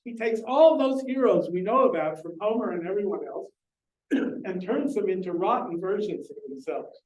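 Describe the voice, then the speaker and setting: A man's voice: high-pitched, lively intonation, moderate pace, lo-fi sound. A man giving a public lecture on literature in a library, explaining earnestly and putting questions to his audience. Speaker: lecturer on Shakespeare. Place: library meeting room. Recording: echoey room, distant mic.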